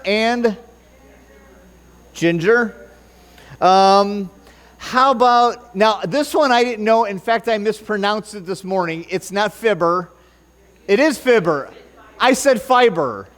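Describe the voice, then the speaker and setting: A man's voice: high-pitched, takes it slowly, long pauses, a bit bright. A man preaching a sermon in church, joking and bantering with the congregation and stumbling over his notes. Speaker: pastor.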